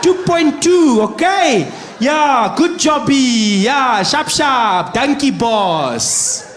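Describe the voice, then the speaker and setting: A man's voice: very high voice, lively intonation, echoey room, some chatter behind, a little hiss or hum, pitched above the performer's own voice, full character voice. Man playing a bossy condescending South African driver. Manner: loud, slow, condescending.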